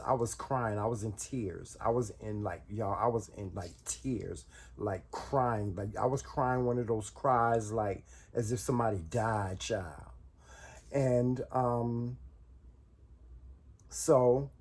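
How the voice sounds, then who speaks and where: Husky man telling a personal story. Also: mid-range voice, a little mellow. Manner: rambling, repeats words, talks straight to viewers. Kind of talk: casual storytelling.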